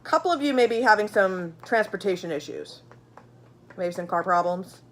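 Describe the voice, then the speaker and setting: A woman's voice: medium pitch, expressive, moderate pace. Blunt, swearing woman tarot reader. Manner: blunt, swears freely, many fillers; chatty, repeats herself while pulling cards. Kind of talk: casual tarot reading.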